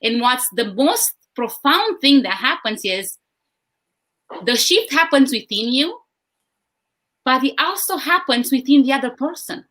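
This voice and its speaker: A woman's voice: high-pitched, lively intonation, measured pace, fairly bright tone. A woman speaking earnestly in a live discussion, often repeating words as she thinks. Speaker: guest speaker.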